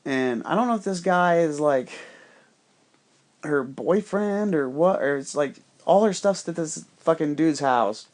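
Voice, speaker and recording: A man with a slightly higher-than-usual voice rambles through a story, swearing constantly. He talks in a loose, conspiratorial way. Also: animated, a little slow, darkish tone. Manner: rambling, heavily profane, conspiratorial. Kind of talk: casual storytelling monologue.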